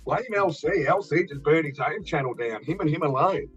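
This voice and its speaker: A bright, forceful Australian man with a slightly raised voice rants bluntly and swears freely in a casual stream chat. The sound is a little dull, with faint music underneath. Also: on the high side, lively intonation, normal speed, breathy edge. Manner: blunt, heavily profane, fired up.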